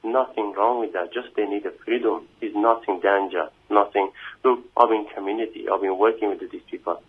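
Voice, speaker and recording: A man whose first language is not English, speaking in a halting, emotional way on a phone interview, with many restarts and repeated "you know what I mean". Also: on the low side, fairly even intonation, slight background noise. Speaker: immigration detainee giving an interview. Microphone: phone call. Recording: tinny phone line.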